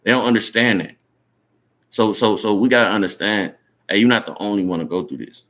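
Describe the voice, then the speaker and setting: A Bible teacher with a very low yet fairly bright voice gives informal sermon teaching at a fairly quick pace. Earnest and encouraging, he talks the scripture through in an everyday way, constantly checking in with listeners and peppering phrases with tags like "man" and "right?"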